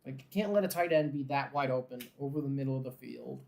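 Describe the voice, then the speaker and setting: A man hosting a live watchalong who mixes glum fan grumbling and swearing with play-by-play calls that build in excitement on big plays. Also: mid-range voice, fast talker, gravelly, slight background noise. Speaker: host of a live game watchalong. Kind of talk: casual live game commentary.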